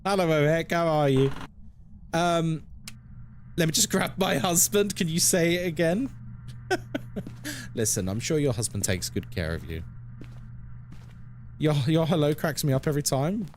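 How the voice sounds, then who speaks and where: A streamer in his thirties keeps up an easy, playful chat with his audience. His voice rides slightly high and leaps around expressively. He greets people by name and jokes as he goes. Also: big pitch swings, unhurried, long pauses, a little hiss or hum. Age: 30s. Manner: chatty, playful, reads and answers chat. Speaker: live-streamer. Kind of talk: casual live-stream chat with viewers.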